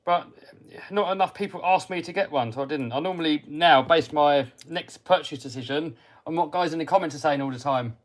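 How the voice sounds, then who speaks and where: A man's voice: fairly high pitch, fairly quick. Chatty English man reading live comments. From England. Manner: chatty, reads out viewer comments and answers them; drops to a mutter while fiddling with parts. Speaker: RC hobby livestream host. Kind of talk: casual live-stream chat while working on a model car.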